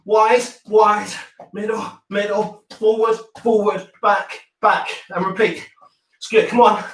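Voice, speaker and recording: A man's voice: high-pitched, fairly even intonation, takes it slowly. A man from the UK coaching a home workout, encouraging and joking as he counts down reps. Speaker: fitness instructor. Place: room at home. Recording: roomy sound, mic at a distance.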